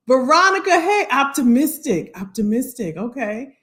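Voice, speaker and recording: A woman hosts a casual livestream with a higher voice that swoops up and down a lot. She is upbeat and chatty, calls out viewers by name and answers the comments as they come in. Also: big pitch swings, moderate pace, few pauses. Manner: talks to unseen commenters. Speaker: livestream host, career coach.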